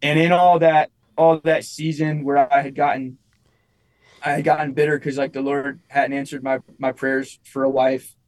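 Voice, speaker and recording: A man's voice: mid-range voice, flat delivery, moderate pace, darkish tone, low-quality recording. A young man, a musician guest, telling a personal story in casual chat, rambling with lots of restarts and fillers.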